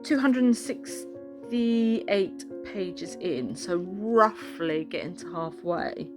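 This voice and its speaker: A woman's voice: lowish voice, extremely slow, over music. A woman vlogging casually to camera about a book she is reading, chatty and rambling, often correcting herself mid-sentence.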